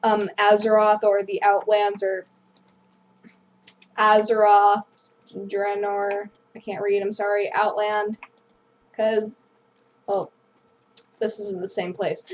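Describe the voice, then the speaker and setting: A woman's voice: medium pitch, little pitch movement, slow, long pauses, slight background noise. A woman hosting a gameplay video, rambling through casual commentary and apologizing self-deprecatingly. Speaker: gaming video host.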